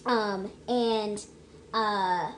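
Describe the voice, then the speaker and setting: A woman's voice: medium pitch, steady tone, very slow, slight background noise. A young woman casually rambling through a movie review, chatty and emphatic with lots of restarts.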